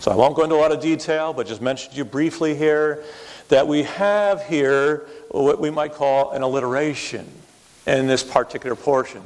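A man giving a Bible study lecture, explaining passages patiently and often checking in with his listeners with quick tag questions. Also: on the high side. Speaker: Bible teacher. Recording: long hall reverb.

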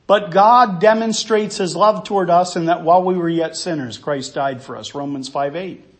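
Pastor, male, high voice, earnest verse-by-verse preacher who asks rhetorical questions. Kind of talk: expository sermon.

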